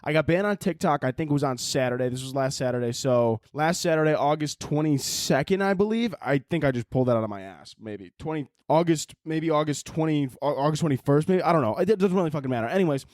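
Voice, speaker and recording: Young male podcast host, rapid, rambling, profane comic chatter, dry close sound. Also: fairly high pitch, animated, darkish tone, dry recording. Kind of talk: casual comedic monologue.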